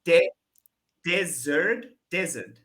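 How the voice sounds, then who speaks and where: Speaking extremely slowly, a woman with a South African accent teaches English pronunciation one-on-one by video call. Her fairly low, slightly bright voice is animated, and she repeats words patiently and laughs a lot.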